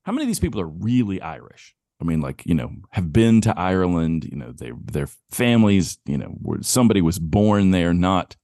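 A man's voice: deep voice, big pitch swings, a little fast, few pauses, dark tone, no room sound, clean studio sound. A man co-hosting a podcast, chatting casually and rambling with lots of "you know" fillers. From Southern California. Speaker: podcast co-host. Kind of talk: casual chat.

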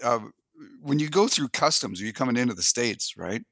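A man's voice: medium pitch, lively intonation, moderate pace, a bit bright, no room sound. A man co-hosting a casual comedic podcast, telling rambling stories and laughing as he goes. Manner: rambling storyteller, laughs mid-story. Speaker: podcast co-host.

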